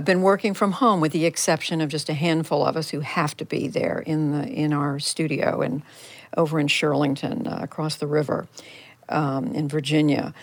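A woman's voice: deep voice, dry recording. An older woman journalist giving a radio interview, recounting events reflectively and in detail, often restarting her sentences. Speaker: journalist guest. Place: converted home TV studio.

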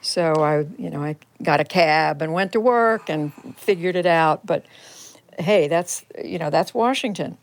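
Older woman journalist recalling, low-voiced. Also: a little slow. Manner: reflective, recounting in detail with frequent restarts. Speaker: journalist guest. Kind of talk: radio interview recollection. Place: converted home TV studio.

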